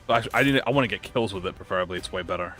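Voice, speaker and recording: A man hosting a gaming channel, giving let's-play commentary while thinking out loud as he plays. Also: sits low, racing, faint music behind.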